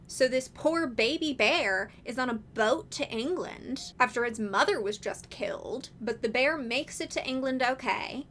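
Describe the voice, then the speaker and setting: Bright-voiced woman, chatty and wry. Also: a little high, a little hiss or hum. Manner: chatty and wry, many casual fillers. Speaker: video essay host. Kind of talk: casual video essay narration.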